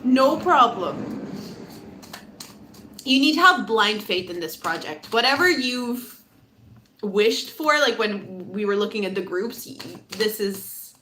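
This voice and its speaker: A woman giving a casual pick-a-card tarot reading, chatty and animated, laughing often and swearing casually. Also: mid-range voice, a little slow, a little hiss or hum. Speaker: tarot reader.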